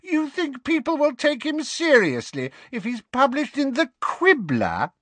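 A pushy, scornful gossip journalist sneers and mocks with icy sarcasm, as a man reading aloud puts her on. The voice lifts well above his own and leaps around in pitch. It sits dry and close to the mic in a storybook reading. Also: sing-song, measured pace, a bit bright, no echo. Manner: sneering, cold, witheringly sarcastic.

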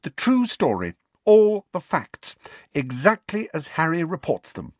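A sharp, know-it-all teenage girl snaps back with crisp impatience, voiced by a man reading a story. Her voice sits far above his own and bounces lively in pitch. The sound is dry and close. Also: a little slow, dry recording, full character voice. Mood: tart. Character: clever, sharp-tongued teenage girl, bossy.

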